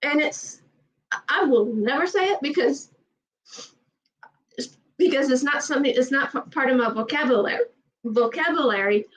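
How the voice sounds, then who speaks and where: A woman's voice: high voice, expressive, fairly bright tone. A woman from Georgia with a Southern accent, talking emphatically in casual chat as host of a livestream. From Georgia, USA. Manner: fast, emphatic, repeats herself. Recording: distant, dull livestream audio.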